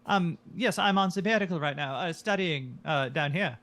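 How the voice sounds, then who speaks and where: A man's voice: on the high side, moderate pace, a bit bright. A player voicing a prim academic woman from Boston, fussy and hesitant with many filler sounds. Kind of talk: tabletop role-play.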